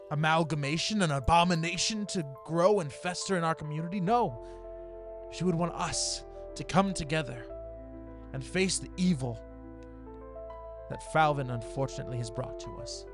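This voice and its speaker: A man's voice: a little high, voice pushed up. A man voicing a devout male cleric who makes an impassioned plea. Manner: impassioned speech.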